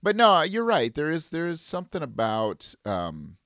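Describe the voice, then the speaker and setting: A man's voice: a little high, wildly swooping pitch, moderate pace, vocal fry, fairly bright tone, dry recording, studio quality. A man co-hosting a podcast, reflecting in casual chat and sometimes acting out angry drivers. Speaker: podcast co-host. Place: Washington State.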